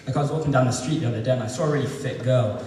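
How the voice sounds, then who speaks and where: A man's voice: medium pitch, very fast, warm tone. A young man from London doing a self-deprecating, rambling student stand-up set in front of a live audience. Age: young adult. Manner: self-deprecating, rambling, lots of ums and restarts. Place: live comedy venue with audience. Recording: echoey hall, mic from far off, audible noise.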